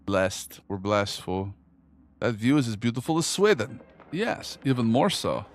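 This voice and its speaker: A man's voice: mid-range voice, sing-song, unhurried. A young man streaming a video game, chatting casually with viewers in a slangy, joking way. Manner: joking, slangy, talks to chat while gaming. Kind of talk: casual live-stream chat. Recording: game music behind the voice.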